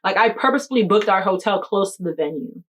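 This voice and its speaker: A young woman with a way of speaking, chatting through a storytime for her viewers. Her pitch sits in the middle of the range, and she talks lively and direct. She keeps checking in with the listener as she goes. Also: fast, slightly rough. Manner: animated, addresses the viewer directly with "you hear me?" and "okay, okay". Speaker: vlogger telling a story. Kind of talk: casual storytime chat.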